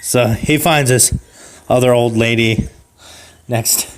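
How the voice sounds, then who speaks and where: A man improvising a comic story on a podcast, rambling with fillers and restarts, and jumping to a shrill falsetto for old ladies. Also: fairly even intonation, slow pace, clear, resonant tone. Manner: rambling, with fillers and self-corrections. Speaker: podcast co-host.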